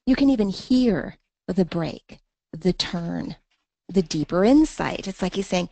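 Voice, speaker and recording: A woman's voice: fairly low pitch, expressive, measured pace, gravelly, warm tone, dry recording. A woman teaching a poetry lesson in an online class, thinking aloud with fillers and reading verse in a rhythmic beat. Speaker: literature teacher.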